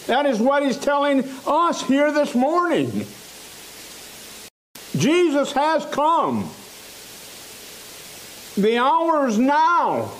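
A man preaching a sermon in a church, slow and emphatic, repeating phrases for stress. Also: very high voice, wildly swooping pitch, a little hiss or hum, rough recording.

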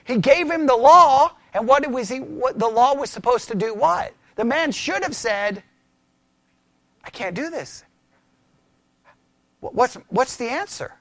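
A man teaching scripture in a conversational sermon, animated and full of rhetorical questions. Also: very high-pitched, dry recording. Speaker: pastor teaching.

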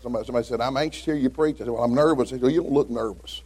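A visiting preacher from Middle Tennessee with a Southern accent tells folksy, funny stories during a sermon, acting out the voices he quotes. His medium-pitched voice races along, darkish in tone and slightly rough.

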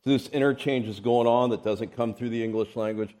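A man preaching a sermon, reading scripture aloud in an expressive, rising and falling delivery. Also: medium pitch, fairly quick. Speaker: pastor.

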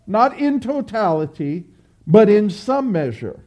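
High-voiced man preaching earnestly. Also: moderate pace, mellow. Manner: earnest, repetitive, exhorting. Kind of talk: sermon.

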